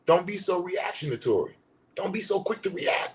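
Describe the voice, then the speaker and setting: A man's voice: sits high, animated, normal speed, slight background noise. Blunt, profane man ranting. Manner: blunt, profane, mocking voices of commenters; repetitive, rhetorical questions. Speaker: social media commentator. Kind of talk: casual vlog rant.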